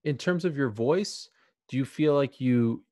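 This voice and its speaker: A man's voice: mid-range voice, mellow, no echo, clean studio sound. Inquisitive male interviewer. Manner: inquisitive, halting restarts. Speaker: interviewer, host. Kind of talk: interview questions.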